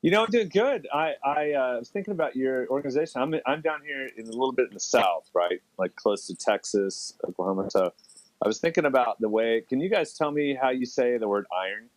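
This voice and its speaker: A middle-aged man as a podcast guest, talking in an animated, quick way that jumps up in pitch when he gets excited. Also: no echo, poor audio. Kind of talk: casual interview chat.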